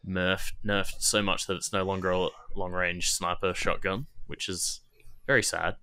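A man's voice: low voice, flat delivery, a little slow, sharp tone, clean tone, dry recording. A man co-hosting a casual gaming podcast, blunt and argumentative, swearing freely. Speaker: podcast co-host.

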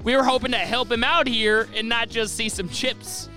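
A man's voice: very high voice, fairly even intonation, normal speed, sharp tone, faint music behind, heavily acted. A man playing a brash Texan partygoer.

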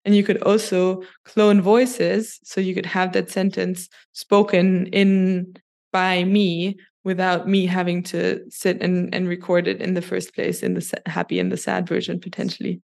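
Woman, podcast guest, gravelly fry, even flat delivery, measured explanations. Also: fairly low pitch. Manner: explanatory, measured, with frequent restarts. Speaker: guest, company chief of staff. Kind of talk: podcast interview.

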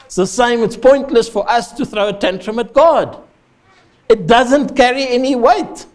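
A man preaching with a high-pitched voice. He is emphatic, pushing up on key points, then dropping into casual asides to his listeners. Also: measured pace. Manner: emphatic, rises to stress points, conversational asides. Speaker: pastor. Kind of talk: sermon.

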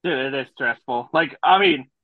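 A man co-hosting a gaming podcast, excitable and laughing often as he talks. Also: medium pitch, normal speed, no echo. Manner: excitable, laughing, says dude a lot. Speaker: podcast co-host. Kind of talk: casual gaming chat. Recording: dry, dull lo-fi mic.

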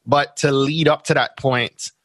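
A man's voice: medium pitch, steady tone, a little slow, a bit bright, no room sound. A man with a Jamaican accent, a podcast guest explaining things step by step in casual interview talk. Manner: explains step by step, often checks in with "right?". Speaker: podcast guest, brand strategist.

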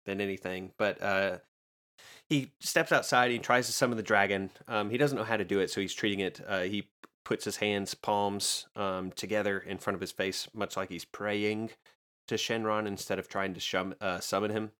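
A man co-hosting a podcast, recapping a movie from his notes in a relaxed, halting way with wry asides. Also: lowish voice, clean tone. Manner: relaxed, hesitant with many fillers, wry. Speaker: podcast co-host.

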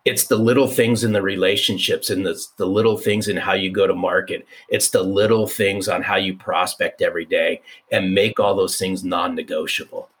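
Deep-voiced storytelling man in his 50s. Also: normal speed, few pauses. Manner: animated, restarts, repeats for emphasis. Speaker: guest. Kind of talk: conversational storytelling.

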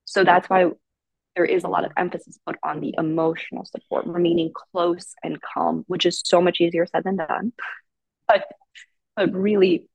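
Woman, parenting coach, low voice, dry close podcast recording, patient and explanatory. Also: vocal fry, breathy edge, dry recording, lo-fi sound. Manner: calm, explanatory, uses many fillers. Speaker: parenting educator guest. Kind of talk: casual advice chat.

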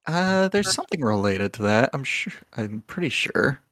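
A man acting as game master for a tabletop game, walking the players through rules and clues at an unhurried pace. His voice is gravelly and dry, as if recorded right up at the mic. He hedges often as he explains. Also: medium pitch, very animated, fairly bright tone, no room sound.

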